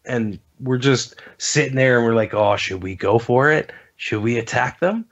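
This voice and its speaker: A man guesting on a podcast who rambles through his gaming stories in loose, casual talk, full of ums and restarts. His voice sits at an ordinary middle pitch. The recording sounds dull and lo-fi. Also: normal speed. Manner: rambling storyteller, many fillers and restarts.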